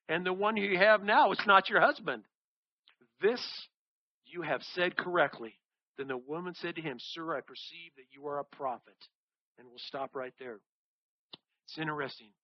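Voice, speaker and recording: A man preaching a sermon, reading scripture and acting out the people in the story with animated delivery. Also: high voice, no room sound, highs cut off. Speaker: pastor.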